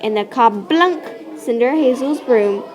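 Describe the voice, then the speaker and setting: A woman reads a children's story aloud in an unhurried, fairly high voice. She narrates expressively, punching out playful sound effects along the way. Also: faint music behind. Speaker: storybook reader.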